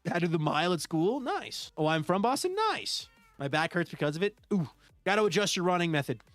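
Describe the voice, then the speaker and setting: A high, lively male streamer chatting his way through a building game, his voice rising and falling as he greets and thanks viewers one after another. Faint music runs in the background throughout. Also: brisk, no echo. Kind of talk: live gameplay stream chat.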